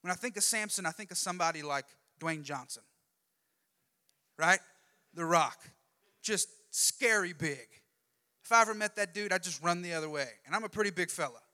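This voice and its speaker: Man, preacher, high and bright, chatty and jokey storyteller, long hall reverb. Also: normal speed, long pauses. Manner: lively, conversational, jokey. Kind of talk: sermon storytelling.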